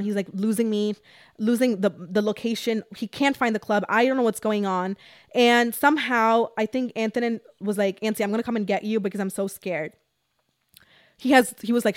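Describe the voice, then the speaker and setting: A young woman hosting a podcast, telling a story in a casual, animated and profane way and talking straight to her listeners. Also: a little high, brisk, no echo, clean studio sound. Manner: animated, profane, addresses listeners as you guys. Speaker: podcast host.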